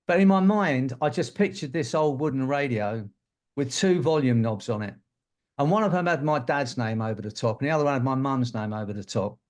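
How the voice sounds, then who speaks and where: An older man and co-host telling a personal story to an audience in a candid, rambling way. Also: mid-range voice. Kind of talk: personal anecdote to a live audience.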